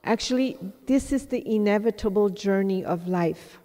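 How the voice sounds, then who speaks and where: A woman's voice: medium pitch, normal speed, warm tone. A woman from India telling a personal story to a live audience as a spiritual teacher, reflective and self-mocking, quoting her own thoughts in asides. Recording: long hall reverb.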